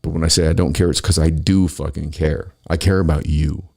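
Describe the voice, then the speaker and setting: A man with a very low, gravelly voice rants on his own show. He talks angrily and swears constantly as he vents to his listeners. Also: steady tone, fairly quick, a little mellow. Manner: angry, profane, ranting. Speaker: podcast host. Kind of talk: solo political rant.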